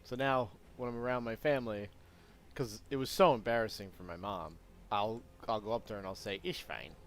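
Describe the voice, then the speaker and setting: Man, game developer, casual live-stream chat, rambling self-talk, lowish voice, faint background music. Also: fairly quick. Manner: rambling, self-talk with sudden excited outbursts.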